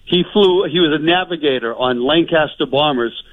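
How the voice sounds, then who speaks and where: A man's voice: fairly high pitch, normal speed, no room sound. A man calling a radio show, telling a story with indignation. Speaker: caller. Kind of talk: phone-in call. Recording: tinny phone line.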